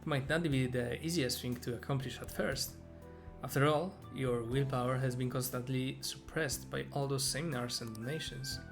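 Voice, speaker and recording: An earnest young fortune teller who regrets misleading her followers and pleads with them to trust their own strength, read aloud by a man in his everyday mid-range voice. The lines come at a steady, sincere pace over clear game music. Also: mid-range voice, normal speed, natural voice. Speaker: gamer reading game dialogue aloud. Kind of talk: reading game dialogue aloud.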